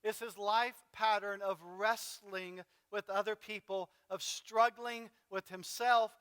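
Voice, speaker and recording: Bright, clear-voiced preaching man. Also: high voice, fairly even intonation, slow, big-room sound. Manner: conversational, dramatic retelling with fillers. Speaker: pastor. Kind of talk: sermon. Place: church sanctuary.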